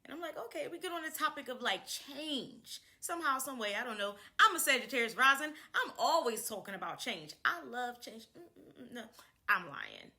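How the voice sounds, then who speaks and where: A young woman chatting casually to camera to introduce her channel, animated and laughing often as she repeats herself. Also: high-pitched, moderate pace.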